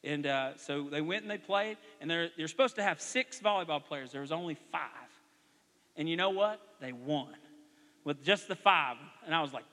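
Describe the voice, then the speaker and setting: A man preaches in a high, bright, forceful voice. He moves from easy conversational stories to loud, animated exhortation. His voice rings out with the long reverb of a large church hall. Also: normal speed. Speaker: pastor. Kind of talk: sermon. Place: church sanctuary.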